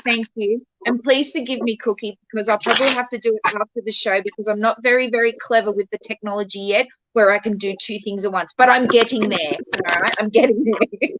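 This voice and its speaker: A woman's voice: medium pitch, fairly even intonation, quick pace, hardly any pauses. A chatty, affectionate woman reading tarot on a live stream, calling people darling. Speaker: tarot reader. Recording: muffled with background noise.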